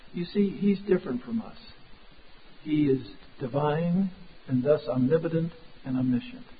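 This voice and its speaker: Male preacher, raised voice with a rasp, lo-fi narrow recording, emphatic sermon delivery. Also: fairly high pitch. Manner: emphatic, drops to a hushed tone for prayer. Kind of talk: sermon with closing prayer. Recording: phone-like lo-fi recording.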